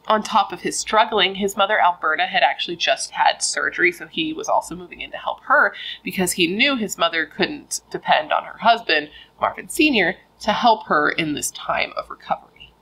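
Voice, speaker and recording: A woman's voice: fairly low pitch, lively intonation, normal speed, hardly any pauses, sharp tone, husky, low-quality recording. A young woman casually retelling a true crime story, chatty and full of filler words.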